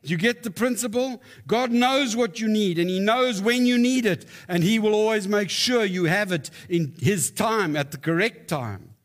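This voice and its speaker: A man's voice: high voice, animated, normal speed, few pauses. A man preaching a sermon, telling stories with emphatic rises. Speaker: pastor.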